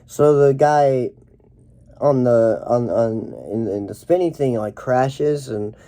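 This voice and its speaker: A young man rambling through a deadpan parody movie review, full of halting restarts and fillers. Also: medium pitch. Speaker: comedic reviewer.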